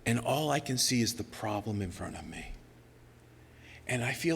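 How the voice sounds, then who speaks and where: A male pastor preaching a sermon in an earnest, personal way, sometimes dropping to a soft near-whisper for emphasis. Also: mid-range voice, sing-song, normal speed, vocal fry, pauses often, in a large hall, slight background noise. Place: church sanctuary.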